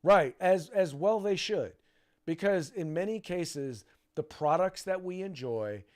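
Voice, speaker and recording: A man's voice: high-pitched, lively intonation, measured pace. A man hosting a casual political podcast, speaking emphatically and often restarting phrases. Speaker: podcast host.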